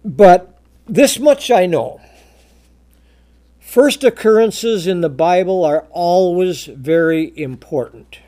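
Slow, emphatic, lively-voiced male preacher. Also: high-pitched. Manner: emphatic, slow, drawn-out quoting of scripture; repeats words and restarts mid-sentence. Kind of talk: verse-by-verse Bible sermon.

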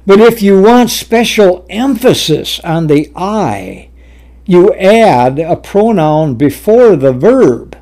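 Slow, deliberate male preacher. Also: sits high, big pitch swings, warm tone. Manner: deliberate Bible teaching with scripture readings and frequent fillers. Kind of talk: sermon.

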